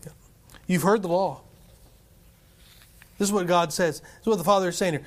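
Man, pastor, animated sermon, slightly high voice, chuckles, quotes scripture. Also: a little fast, long pauses. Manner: animated preaching, chuckles, quotes scripture in King James English.

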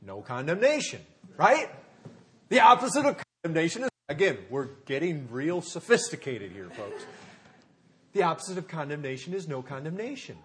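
Higher-voiced man preaching a conversational sermon. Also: big pitch swings, moderate pace, fairly bright tone. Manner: conversational preaching with rhetorical questions, addresses listeners as folks. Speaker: pastor.

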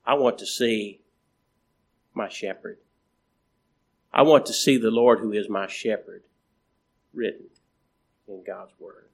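A man preaching a sermon in a slow, repetitive cadence, with emphatic rises and phrase endings that trail off quietly. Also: lowish voice, creaky, slightly rough.

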